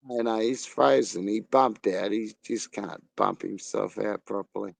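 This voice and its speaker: A man's voice: fairly low pitch, measured pace, gravelly. A man with an Australian accent hosting a casual live chat, crude and rambling, laughing often. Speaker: live stream host.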